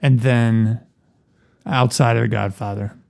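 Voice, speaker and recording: A male podcast co-host with a gravelly, creaky voice and a middle pitch. He chats casually and keeps probing with follow-up questions. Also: fairly even intonation, unhurried, a little mellow. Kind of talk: casual chat.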